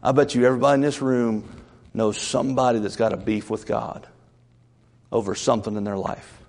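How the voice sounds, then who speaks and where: A man's voice: mid-range voice, steady tone, fairly quick, a little mellow. A man preaching a sermon in a church, talking in a folksy, conversational way and putting questions to his congregation. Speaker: pastor. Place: church sanctuary. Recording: long church-hall reverb.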